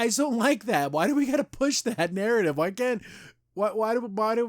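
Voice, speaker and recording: This is a high-voiced young man hosting a podcast, recorded in clean studio sound without any room noise. An American who grew up in Las Vegas, he gives an offhand, opinion-heavy review that meanders with plenty of restarts and repeated words, usually with a sarcastic bite.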